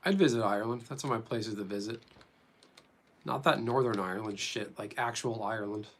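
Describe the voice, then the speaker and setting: A man's voice: on the low side, fairly quick, a little hiss or hum. A man chatting casually with viewers during a live stream, rambling as he reads and answers them.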